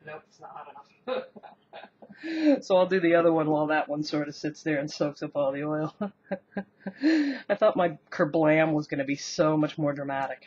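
A woman's voice: deep voice, lively intonation, moderate pace, pauses often, darkish tone, breathy edge, highs cut off. A woman filming a casual cooking demo in her home kitchen, rambling and self-deprecating and laughing often as she talks to the camera. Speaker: cooking vlogger. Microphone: camera on the counter, later a handheld camera.

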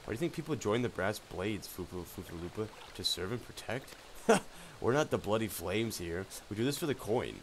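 A man's voice: on the low side, animated, normal speed, slight background noise, rough recording. A man voicing a corrupt, greedy male guard captain in a game, sneering and contemptuous. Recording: game music loud underneath.

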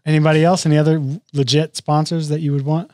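A man co-hosting a podcast, blunt and teasing, quick to laugh. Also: a little high, flat delivery, a little mellow, no echo, studio quality. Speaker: podcast co-host. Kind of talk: casual podcast chat.

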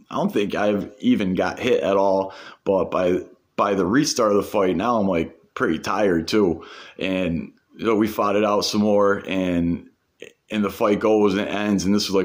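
A man with a fairly low voice recounts an old story in loose, casual talk. He swears constantly and peppers his sentences with "like" as he goes. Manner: profane, rambling, full of "like".

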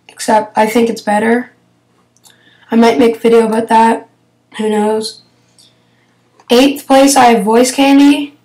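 A young female vlogger chats about her favourite apps in a hesitant, filler-heavy way. Her voice sits a little high, and she talks slowly. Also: a little mellow, poor audio. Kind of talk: casual app review.

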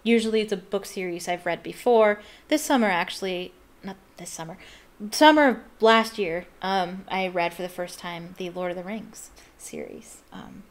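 A woman's voice: on the low side, normal speed. A woman hosting a casual read-aloud, chatting in rambling, giggly asides. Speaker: reader and host.

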